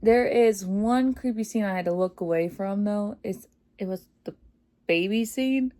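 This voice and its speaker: A woman giving a casual, excited movie review, chatty and full of fillers, laughing often. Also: mid-range voice, measured pace. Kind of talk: casual spoiler review vlog.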